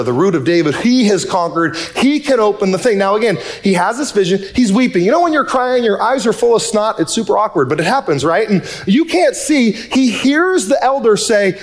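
A male pastor with a notably high voice preaches to his congregation. He talks in an animated way, cracking jokes and dropping suddenly from big, loud lines into hushed, intimate ones. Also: moderate pace. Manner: animated, joking, swings from loud to soft and intimate. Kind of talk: sermon. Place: church sanctuary.

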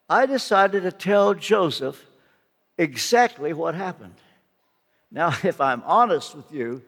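An older American man, a guest preacher, gives an earnest, emphatic sermon as personal testimony. His voice is high for a man and a bit bright, and he speaks slowly with space between phrases, while a large hall's long reverb lingers after each line.

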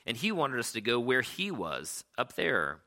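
A man's voice: huge pitch swings, measured pace, bright, forceful tone, full character voice. A man reading as an earnest, insistent young girl. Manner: raised pitch, eager and pleading.

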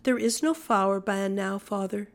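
A woman reading the lines of a young woman whispering back with quiet defiance. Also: medium pitch, normal speed, gravelly, lightly acted. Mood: defiant. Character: defiant young woman, church flower-band president.

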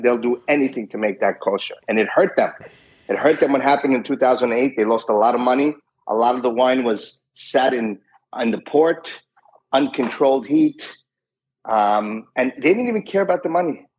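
Male guest, husky mid-range voice, lively storyteller who voices the people he quotes and stumbles into restarts. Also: mid-range voice, poor audio. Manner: animated anecdotes, acts out quoted dialogue; frequent restarts and repeated words. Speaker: guest, doctor and wine importer. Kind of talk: conversational storytelling.

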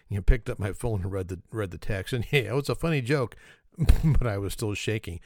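A man's voice: lowish voice, no echo. Joking male podcast host, dry sound. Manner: joking, self-mocking, chuckles often. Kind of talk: casual solo podcast chat.

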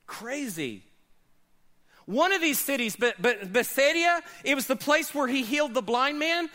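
Pastor, male, high bright voice, dynamic sermon delivery with loud peaks and hushed drops. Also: expressive, unhurried. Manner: dynamic preaching, swinging between loud high bursts and low quiet asides.

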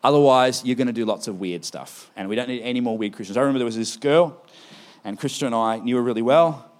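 A man's voice: medium pitch, fast, darkish tone. Male preacher, conversational sermon delivery, mid-range voice.

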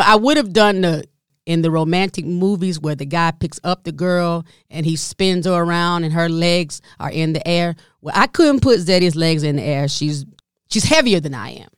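Podcast host, woman, middle-aged, unhurried storyteller, smooth voice, dry close sound. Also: dry recording. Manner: animated, addresses listeners as y'all, voice drops low and soft when moved.

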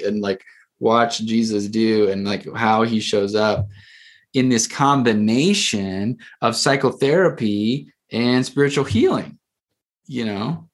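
A man's voice: mid-range voice, normal speed. A male therapist telling a story in a casual podcast conversation, rambling with lots of fillers and restarts.

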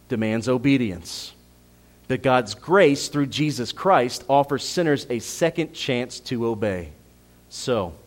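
With a mid-range voice, a man preaches as pastor, swinging between emphatic peaks and soft appeals while repeating phrases and asking the congregation questions.

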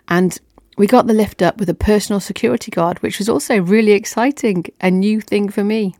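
Upbeat woman chatting away on her podcast, kinda gravelly, dry sound. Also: mid-range voice, fairly even intonation, brisk, a little mellow, dry recording. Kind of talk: casual personal storytelling.

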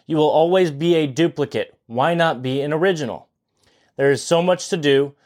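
A young man in his twenties with a slightly higher voice talks straight to his listeners as host. He is earnest and pleading, hammering points home by repeating them. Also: moderate pace, a little mellow. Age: 20s. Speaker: podcast host. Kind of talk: impassioned political monologue.

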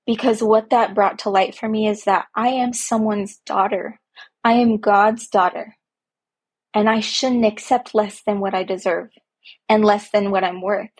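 In a slow, personal monologue, a podcast host talks earnestly about her own life as a parent, leaning on repeated phrases for emphasis. Her voice is medium-pitched, steady, and a little husky, and she sounds young adult to middle-aged.

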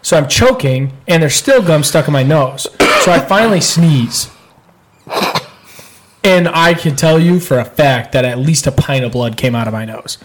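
A man's voice: fairly high pitch, animated, normal speed, a little hiss or hum. Man rambling through a gross childhood story. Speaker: podcast co-host. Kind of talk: casual chat.

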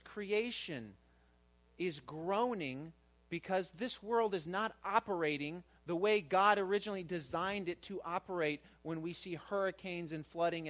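A middle-aged man delivers a sermon from the pulpit with earnest conviction. His voice sits a little high for a man and lifts louder whenever he drives a point home. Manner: earnest, rises in pitch and volume for emphasis. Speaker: pastor.

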